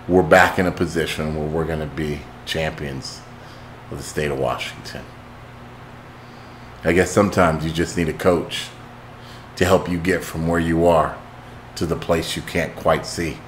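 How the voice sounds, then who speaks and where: A man hosting a motivational talk, telling a dramatic story that swings from hushed intensity to shouting. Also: rumbling low, a little hiss or hum. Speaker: host.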